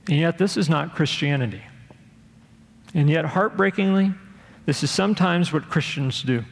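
A man's voice: on the high side, moderate pace, gravelly, pauses often. A man preaching a sermon with earnest delivery, sometimes acting out the voices of people he quotes. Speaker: pastor. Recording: long hall reverb.

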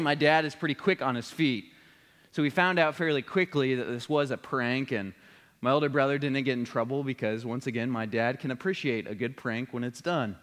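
A man's voice: mid-range voice, fairly bright tone. A man preaching a sermon, telling a family story in an earnest way before a solemn appeal. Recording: long reverb of a large hall.

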